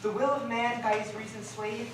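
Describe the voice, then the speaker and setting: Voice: mid-range voice, fairly even intonation, normal speed, noisy background, lightly acted. An actor playing an impulsive young male lover on stage, speaking ardent verse in a distant, echoey recording. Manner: ardent verse with sudden loud outbursts. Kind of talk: stage play acting.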